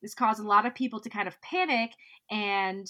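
A woman's voice: mid-range voice, moderate pace, pushed and bright. Playful woman reading out news facts. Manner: reads facts aloud with playful asides. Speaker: podcast co-host. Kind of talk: casual chat.

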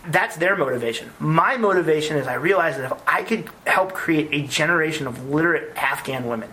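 In poor audio, a man from the United States, formerly an army officer, shares stories in an interview at a brisk clip. His voice sits a little high, and his earnest, animated delivery is full of repeated words.

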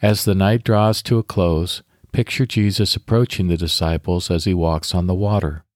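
A man with a deep voice hosts a devotional podcast, guiding prayer and a scripture meditation. He speaks at a calm, measured, instructive pace. The sound is dry and close, with no room around it. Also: no echo.

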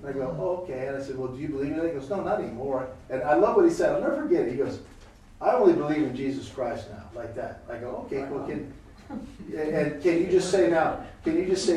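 Speaking fast in a fairly high voice, this preacher tells an animated story during a sermon about prayer, performing the voices of the people in it. The distant recording picks up room echo and a little hiss or hum.

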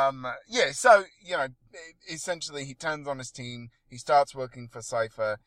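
A man co-hosting a casual movie review podcast, animated and laughing often. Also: mid-range voice, unhurried, no room sound. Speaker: podcast co-host.

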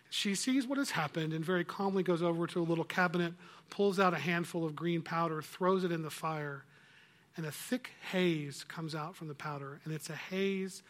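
Animated male preacher telling a story. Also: fairly high pitch. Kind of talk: sermon.

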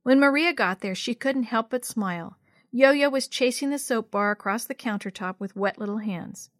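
A woman reads a children's story aloud in a clear, steady voice. Her pitch sits fairly high. The recording is dry and close, with no room sound. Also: normal speed, no echo. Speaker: narrator. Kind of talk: storybook narration.

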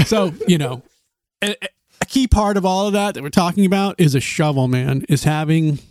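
Dude rambling thru a trail story, kinda high voice, dry close mic. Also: male voice, normal speed, dry recording. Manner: animated storyteller, rambling with restarts and laughter. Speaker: podcast co-host telling trail stories. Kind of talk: casual chat.

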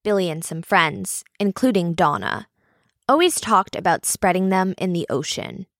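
Low-voiced woman narrating, dry. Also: very animated, moderate pace, fairly bright tone, dry recording. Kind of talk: scripted documentary narration.

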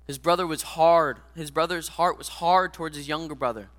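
Casting note: earnest male preacher, fairly high voice with a bright, forceful tone, direct sermon delivery. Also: steady tone, moderate pace. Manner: earnest, addresses listeners directly as guys.

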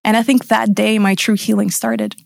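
A woman in her thirties shares her personal story as a podcast guest. She is frank and emphatic and swears freely. Her voice has a gravelly fry, and the close, dry mic catches it. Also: medium pitch, level tone, normal speed, a little mellow, no room sound.

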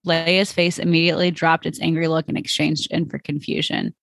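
A woman's voice: low voice, level tone, a little fast, creaky, few pauses, a bit bright, no echo. A woman podcast host reading fan fiction aloud in a plain storytelling voice, with small stumbles.

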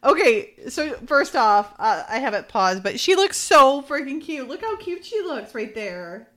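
A woman's voice: high voice, big pitch swings, a little slow, a bit bright. Chatty woman recapping a show. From United States. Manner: chatty, giggly, trails off with fillers. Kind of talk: casual show recap chat.

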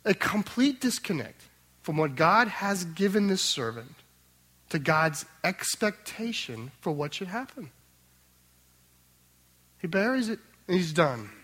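High-voiced man preaching a sermon. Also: very animated, unhurried, pauses often, husky. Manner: dramatic, swings between loud emphasis and quiet tender asides; acts out the master's voice in quotes. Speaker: pastor.

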